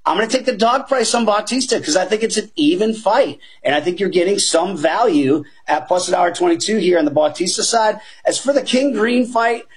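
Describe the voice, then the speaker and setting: Brisk and barely pausing, a high, husky-voiced man energetically lays out his fight picks. Sounding like a seasoned betting analyst on a sports show, he keeps calling the panel "guys" and drives home the points he favors in animated chat.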